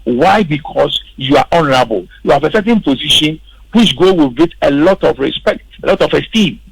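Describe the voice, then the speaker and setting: A man's voice: on the high side, expressive, a little fast, vocal fry, breathy edge, dry recording, rough recording. A man, speaking as a political commentator on a radio panel and stressing his points emphatically. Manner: emphatic, repeats words for stress. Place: radio studio.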